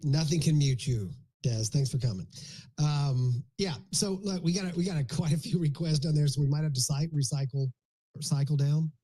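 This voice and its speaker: Man, live audio-chat host, mellow and warm, joking banter, slightly high voice. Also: moderate pace, low-quality recording.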